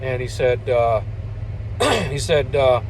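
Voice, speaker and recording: A man's voice: mid-range voice, expressive, takes it slowly, a little hiss or hum, rough recording. An older man, a truck driver, telling stories in a rambling, folksy way and chuckling between remarks. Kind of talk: casual spoken storytelling.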